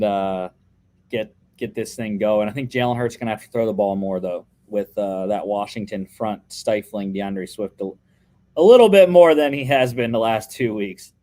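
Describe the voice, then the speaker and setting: A man's voice: medium pitch, darkish tone. A young man co-hosting a casual sports podcast, chatting through his football picks with lots of fillers and restarts.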